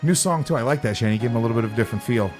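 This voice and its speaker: A man's voice: mid-range voice, rapid-fire, loud music behind the voice. A man hosting a comedy podcast debate, joking around while running the clock and the rounds. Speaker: host and moderator. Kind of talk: casual comedy podcast chat.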